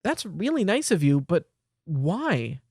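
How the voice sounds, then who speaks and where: A man's voice: sits high, very animated, slow pace, slightly rough, voice pushed up, exaggerated voice. A man voicing a shy, hopeful young girl in an audiobook, with a timid, eager manner.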